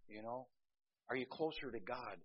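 A male pastor with a slightly husky voice delivers a sermon. He leans on humorous stories and keeps calling out to the congregation for amens. The recording sounds dull and lo-fi. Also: mid-range voice, normal speed.

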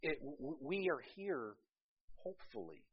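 A male pastor with a slightly husky voice delivers a sermon. He leans on humorous stories and keeps calling out to the congregation for amens. The recording sounds dull and lo-fi. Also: a little high, sing-song, normal speed.

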